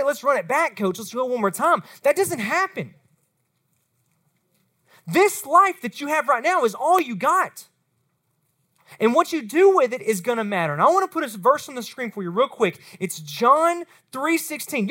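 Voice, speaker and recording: A woman, preaching as a youth pastor to middle school students and speaking straight to them. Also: sits high. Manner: animated, talks straight to the students.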